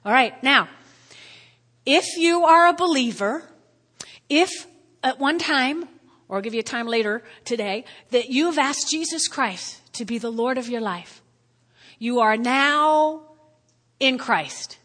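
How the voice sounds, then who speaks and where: A woman pastor preaching a sermon with strong emotion, swinging between loud exclamations and hushed whispers, at times close to tears. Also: high voice, lively intonation, measured pace, pauses often. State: tearful at times. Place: church hall. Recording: long hall reverb.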